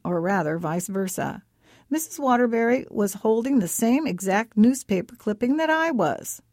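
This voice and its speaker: Woman reader, expressive, higher pitched, dry close-miked sound. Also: no echo. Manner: expressive, voices the characters' lines with lively shifts. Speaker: author reading her own story. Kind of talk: first-person story reading.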